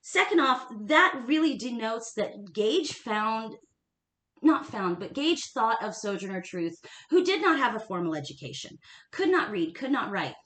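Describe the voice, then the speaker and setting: A woman co-hosting a relaxed history chat, with a lively, swooping delivery. She talks emphatically and laughs often. The recording sounds echoey, as if made in a bare room. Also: fairly high pitch, a little slow. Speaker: podcast co-host.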